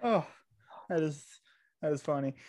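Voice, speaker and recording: Excitable, fairly high-voiced man. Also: no room sound. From United States. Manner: excitable, quick restarts and stumbles. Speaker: podcast host. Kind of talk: casual conversational interview.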